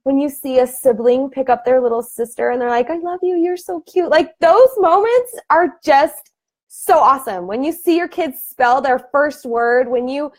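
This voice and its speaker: Thirties woman coach, casual chatty delivery, frequent laughs, higher voice, webcam sound. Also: moderate pace. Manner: chatty, laughs often, animated bursts. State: emotional. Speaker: fitness team coach. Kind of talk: live video team call.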